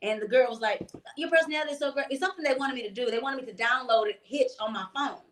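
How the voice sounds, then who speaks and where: A woman, co-hosting a podcast and telling stories in an animated, chatty way with frequent laughs. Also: fairly high pitch, quick pace. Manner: animated, chatty storyteller who laughs often. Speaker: podcast co-host. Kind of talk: casual chat, storytelling.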